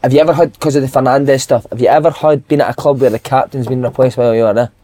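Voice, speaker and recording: A man, a podcast co-host and former footballer, telling a lively, swear-filled dressing-room story in casual chat. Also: medium pitch, fast. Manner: swearing, animated anecdote-telling with put-on voices.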